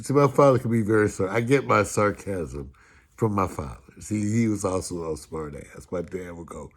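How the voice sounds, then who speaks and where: A man telling humorous stories about his upbringing in a sarcastic, animated way, with casual swearing. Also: on the low side, normal speed. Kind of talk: humorous storytelling talk.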